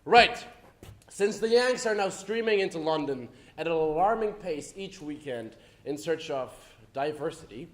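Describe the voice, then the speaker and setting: A man acting a brisk, officious wartime official addressing a crowd in a live stage play, with hesitant fillers. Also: on the high side, animated. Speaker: stage actor. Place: theatre stage. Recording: echoey theatre stage.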